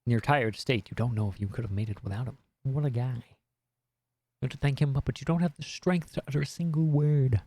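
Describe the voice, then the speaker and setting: A man's voice: mid-range voice, fast talker, few pauses, husky, no room sound. A man streaming a dating game, reading the text aloud with jokey, swearing commentary. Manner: animated, jokey, swears freely.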